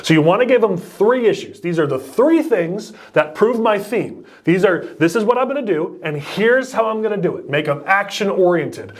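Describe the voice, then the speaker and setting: A man with a slightly high-pitched voice gives campaign advice in a blunt, emphatic way. He speaks in short, punchy lines. It sounds like an advice chat for a video. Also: animated, moderate pace, few pauses. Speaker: political campaign consultant.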